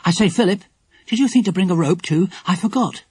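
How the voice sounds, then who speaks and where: A man voicing a lively, eager schoolboy in an audiobook, cheerful and exclaiming. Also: high-pitched, fairly quick, husky, no echo, voice pushed up. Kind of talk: audiobook character voice.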